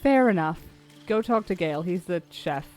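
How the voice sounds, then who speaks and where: A woman's voice: on the low side, lively intonation, moderate pace, darkish tone. Chatty, swearing woman streamer. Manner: chatty, swears, laughs easily. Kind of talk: casual gameplay commentary. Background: faint game music.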